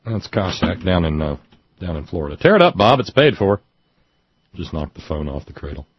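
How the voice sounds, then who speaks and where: A man's voice: very deep voice, normal speed, breathy edge, dry recording. A man hosting a casual talk show, rambling and self-deprecating as he wraps up the program. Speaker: host. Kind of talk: casual radio show chat. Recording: dull lo-fi sound.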